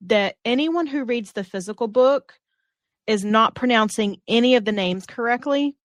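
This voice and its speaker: A woman's voice: on the high side, moderate pace, no echo. Easygoing woman podcaster, dry close sound. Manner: easygoing, laughs often, reads out show plugs. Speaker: podcast co-host. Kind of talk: casual chat.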